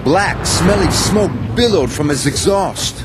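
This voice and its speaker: A man narrating a children's storybook in a slow, expressive manner. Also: high voice, very noisy. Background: music.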